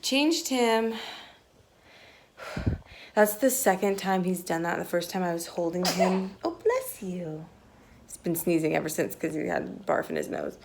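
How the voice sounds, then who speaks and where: A woman's voice: on the low side, gravelly, a little mellow. A young woman, a tired mother, chatting casually into her phone at home in a family vlog, sighing and saying "like" often. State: exhausted. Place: messy family home, indoors. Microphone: phone held while filming.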